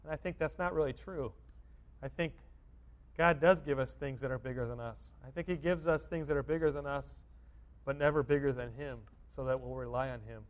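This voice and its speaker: A man preaching a sermon, earnest and repetitive, moving between quiet reflection and loud, emphatic urging. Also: mid-range voice, a little fast. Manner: earnest, repetitive exhortation with frequent restarts. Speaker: pastor.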